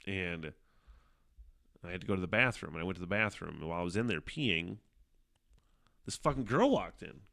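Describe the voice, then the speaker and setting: A man's voice: deep voice, animated, a little fast, gravelly, long pauses, sharp tone. A man hosting a podcast alone, telling a rambling, swear-heavy story and laughing often as he goes. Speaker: podcast host. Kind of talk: casual solo storytelling.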